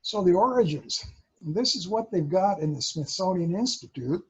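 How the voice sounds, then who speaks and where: A man presents to a radio club in an unhurried show-and-tell talk, now and then mouthing out code sounds. His voice is raspy and gravelly and sits a little high. The recording is dull and lo-fi. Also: expressive. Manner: explaining, imitating Morse sounds.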